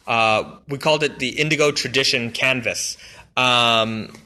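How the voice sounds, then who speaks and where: Man, casual live-stream chat, rambling and excited, bright crisp tone, mid pitch. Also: measured pace. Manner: enthusiastic, rambling, many fillers and restarts. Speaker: brand representative showing new products. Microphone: phone or camera mic on a live stream.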